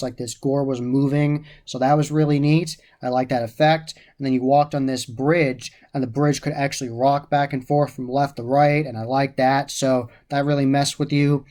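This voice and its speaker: A man of ordinary, middle pitch talks through a haunted attraction in a relaxed review. He is eager and keeps circling back to how much he loved each detail. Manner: enthusiastic, repeats praise phrases often. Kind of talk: casual spoken review.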